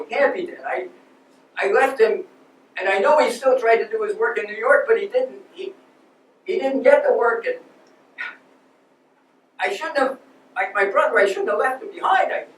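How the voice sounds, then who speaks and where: A man's voice: high-pitched, normal speed, pauses often, a bit bright, slight background noise. A man in a first-person living-history monologue, playing an aging nineteenth-century landscape architect who tells his story with earnest emotion. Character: aging 19th-century male landscape architect, passionate and restless. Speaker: historical reenactor. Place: lecture hall. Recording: echoey hall, distant mic.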